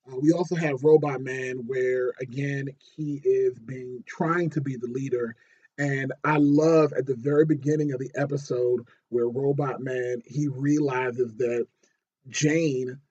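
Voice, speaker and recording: A husky-voiced man talks through a TV episode in a loose, rambling way, full of fillers and false starts. He is recorded on a slightly dull, lo-fi mic. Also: medium pitch. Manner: rambling, many fillers and restarts, gets excited and loud retelling scenes. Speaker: TV show reviewer. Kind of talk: casual spoken episode review.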